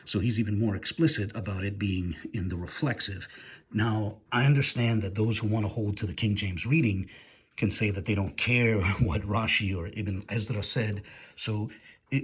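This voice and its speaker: A man giving a methodical screen-share lecture on biblical grammar, pausing often with fillers and carefully reading out Hebrew phrases. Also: fairly low pitch, slightly rough. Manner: methodical, hesitant with frequent fillers. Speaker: biblical language teacher.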